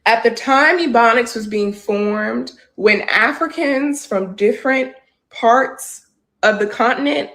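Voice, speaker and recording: Woman ranting at the camera, fired up and argumentative, kinda high voice. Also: a bit bright. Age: adult. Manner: indignant, argumentative, rhetorical questions. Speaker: social media commentator. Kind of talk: direct-to-camera commentary.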